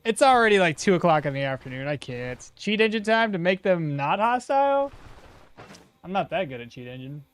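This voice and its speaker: Exasperated streamer man, lively voice. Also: high-pitched, fairly quick, clean tone. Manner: exasperated, laughing, talks to chat. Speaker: game streamer. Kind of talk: casual live-stream commentary.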